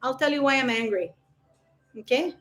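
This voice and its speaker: Woman, livestream host, loose rambling chat, slightly raised pitch, leans on fillers. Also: normal speed, a bit bright, faint music behind. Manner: rambling, chatty, lots of "you know".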